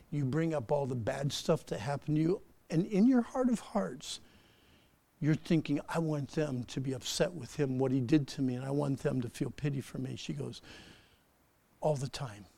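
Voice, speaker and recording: A man preaching a sermon in an earnest, conversational way, with sudden emphatic bursts, then leading the church in soft, reverent prayer. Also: a little high, vocal fry. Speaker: guest preacher.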